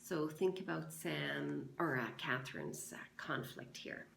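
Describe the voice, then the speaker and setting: A woman sixth-grade teacher reading a novel aloud and explaining it to her class in a slow, instructive way, in an echoey room. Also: sits low, vocal fry, fairly bright tone, a little hiss or hum. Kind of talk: read-aloud lesson narration.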